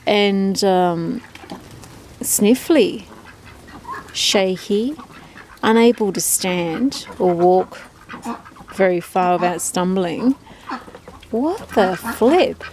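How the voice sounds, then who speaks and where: A woman's voice: medium pitch, drawn-out words, long pauses, a little mellow, a little hiss or hum. A woman keeping ducks, talking to the camera outdoors in a rambling, chatty way and cooing at her birds in baby talk. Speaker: duck keeper. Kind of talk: casual vlog chat.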